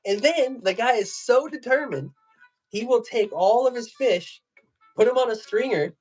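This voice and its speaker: A man's voice: very high-pitched, normal speed, darkish tone, breathy edge, soft background music. Man, casual livestream host type, rambling and slangy. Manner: rambling storyteller, laughs while telling stories; loose slangy speech with many fillers. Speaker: fly and jig tier on a livestream.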